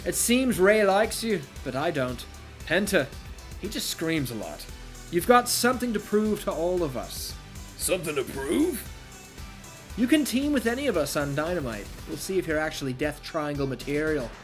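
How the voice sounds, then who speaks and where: A gruff, scornful pro wrestler, cold and aloof, as a man puts him on in a low, silly put-on voice. He talks down at whoever he faces, in a cutscene voice that swings up and down, with game music playing behind. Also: very animated, normal speed. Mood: disdainful.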